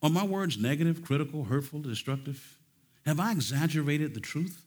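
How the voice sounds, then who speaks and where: A man preaching a sermon at a conference, swinging from loud emphatic peaks to low, quiet phrases and firing off rhetorical questions. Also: animated, normal speed. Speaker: conference speaker. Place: conference stage.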